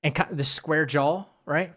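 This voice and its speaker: A man's slightly high, pushed, bright voice comes through at an unhurried pace as he streams. He chats casually about viewer comments from live chat, rambling, stammering, and restarting his sentences frequently.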